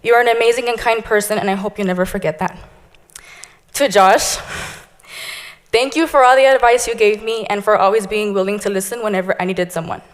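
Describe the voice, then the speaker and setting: A woman's voice: medium pitch, fairly quick. Earnest young woman in a reverberant hall. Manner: earnest, heartfelt, tearful near the end. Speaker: graduating police cadet giving a speech. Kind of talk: emotional thank-you speech. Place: large hall.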